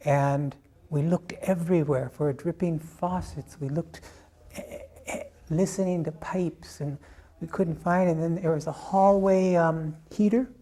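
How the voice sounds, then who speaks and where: An older man recalls an old memory for an interviewer, telling it slowly and haltingly. His voice is mellow and warm. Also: a little high, fairly even intonation. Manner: unhurried, halting storytelling. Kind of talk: personal reminiscence.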